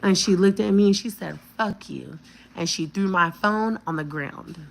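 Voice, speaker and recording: A woman's voice: mid-range voice, moderate pace, gravelly, a little hiss or hum, poor audio. A woman in her thirties telling a personal story on a vlog, blunt and emphatic with plenty of cursing.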